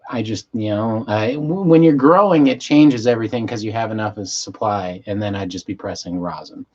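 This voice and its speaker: A man with a fairly low voice talks loosely on a home livestream, high and wandering off mid-sentence. He swears casually and restarts his thoughts often. The stream audio sounds dull and lo-fi. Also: moderate pace, darkish tone. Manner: loose, meandering, self-interrupting, stoned and swearing. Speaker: livestream host. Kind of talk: rambling casual livestream chat, reading chat aloud.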